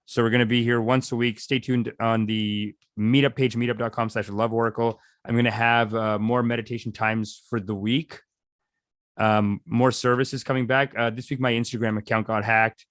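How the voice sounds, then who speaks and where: Man, meditation teacher, loose and rambling livestream chat, mid-pitched, dry close sound. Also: level tone, moderate pace, a bit bright, no echo. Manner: rambling, chatty, reads out viewer comments. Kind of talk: casual livestream meditation talk.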